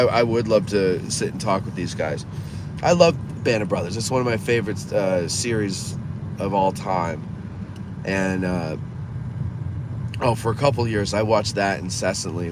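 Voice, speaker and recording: A man hosting a casual live stream from his car, reading viewer comments aloud and chatting back. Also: lowish voice. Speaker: host reading live chat. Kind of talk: casual live-stream chat while driving. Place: inside a car in town. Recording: clear traffic noise from a moving car. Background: car and street noise.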